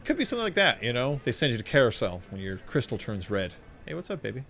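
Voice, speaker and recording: Male streamer, rambling and profane, lively pitch, casual gameplay talk. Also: quick pace. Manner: rambling, profane, animated storyteller. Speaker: game streamer.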